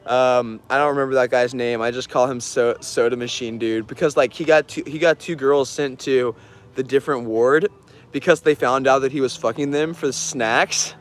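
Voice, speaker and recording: A man's voice: medium pitch, fairly even intonation, moderate pace. A man telling stories casually on a livestream, rambling with lots of fillers and frequent laughs. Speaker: artist streaming an auction.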